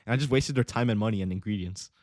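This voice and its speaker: Young man, fast casual chat, bro-heavy rambling, dry close sound. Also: on the low side, darkish tone, dry recording. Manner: rambling, says bro a lot. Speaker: livestream host, day trader.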